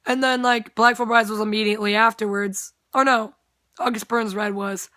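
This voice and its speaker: A woman's voice: a little high, steady tone, moderate pace, sharp tone, no room sound, studio quality. A young woman telling a story in a casual vlog, chatty, with plenty of "like" and free swearing. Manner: chatty, swears freely, lots of "like". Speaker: vlogger.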